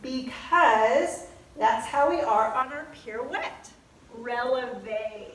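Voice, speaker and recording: A woman teaching ballet terms, talking slowly, repeating each term while she demonstrates in a dance studio. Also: on the high side, a little hiss or hum. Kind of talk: ballet lesson. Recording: echoey room from a distance.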